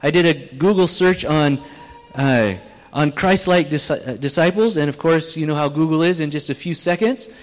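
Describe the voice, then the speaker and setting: A man with a slightly high voice preaches to a live congregation in a church hall, speaking at a moderate pace in a plain, conversational way with frequent restarts, and includes an audience exercise. Faint music plays behind, and the hall reverb is long.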